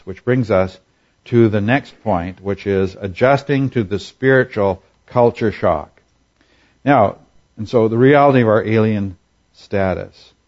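A man teaching from a Bible passage in a measured, explanatory sermon style, often pausing and restarting as he works through the grammar. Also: lowish voice, darkish tone, dull audio.

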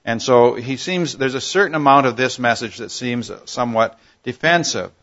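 A man teaching a Bible passage verse by verse, unhurried and thoughtful, pausing often with "uh". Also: mid-range voice, fairly bright tone, muffled recording. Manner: unhurried, thoughtful, with frequent "uh" pauses.

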